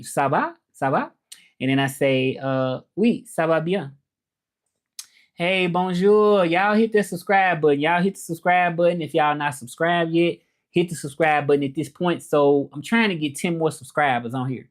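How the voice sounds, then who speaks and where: A man hosting a casual livestream, greeting viewers in a laid-back way and dropping in French phrases. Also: fairly high pitch. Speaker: livestream host.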